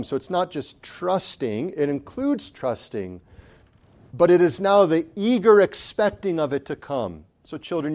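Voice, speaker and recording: A man's voice: medium pitch, dark tone. A male preacher delivering a sermon to his congregation, earnest and rising to impassioned emphasis, calling them brethren.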